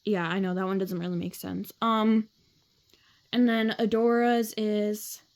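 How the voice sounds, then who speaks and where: A woman's voice: mid-range voice, flat delivery, a little slow. A woman casually reading a children's book aloud, swearing now and then and filling with "like". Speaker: reader.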